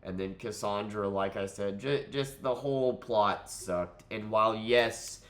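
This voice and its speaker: A man's voice: on the low side, unhurried, a bit bright. A man hosting his own channel, talking through a casual film review in a nasal, stuffy-nosed voice while under the weather, rambling candidly with lots of fillers and restarts.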